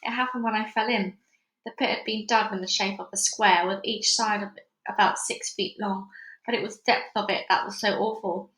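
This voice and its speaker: A woman's voice: medium pitch, flat delivery, normal speed, fairly bright tone. A woman at home reading a children's book aloud as narrator, casual and chatty between chapters. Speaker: read-along narrator. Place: busy house. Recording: echoey room at home.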